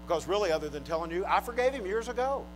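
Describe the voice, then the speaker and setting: A man preaching a sermon in a notably high voice. He is emphatic and jokes with the crowd, dropping to a hush and then rising to loud declarations. Faint music plays behind him. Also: animated, very fast, low-quality recording. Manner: emphatic, swinging from hushed to loud, joking.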